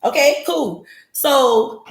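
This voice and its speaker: Speaking very slowly in a high register, this woman hosts a podcast on a livestream from a home setup. Her echoey room carries a little background noise. She's blunt and profane, telling her story straight to her chat.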